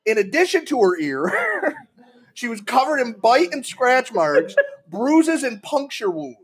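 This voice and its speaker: A man's voice: very high-pitched, takes it slowly. A man co-hosting a casual podcast, reading out strange news stories and acting out the quotes with lots of laughter. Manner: animated storyteller, laughs often, acts out quotes. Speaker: podcast co-host.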